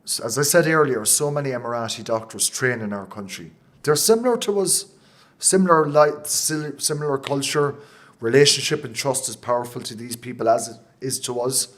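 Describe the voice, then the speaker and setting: A man with an Irish accent, a company founder answering interview questions in a passionate, emotional way, with quick bursts and many restarts. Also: medium pitch, expressive. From Ireland. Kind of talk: interview conversation.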